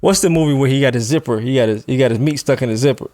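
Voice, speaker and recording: A man in a relaxed podcast chat, telling a story in a loose, easygoing way and laughing often. His voice sits at a middle pitch and sounds dry and close, with no room around it. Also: very fast, dry recording. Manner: laid-back, laughs while telling a story. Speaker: podcast co-host.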